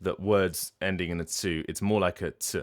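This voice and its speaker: A man's voice: deep voice, fairly even intonation, normal speed. A voice actor talking casually on his livestream, thinking aloud and restarting his sentences as he explains. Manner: thoughtful, explaining at length with frequent restarts. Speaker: voice actor and streamer.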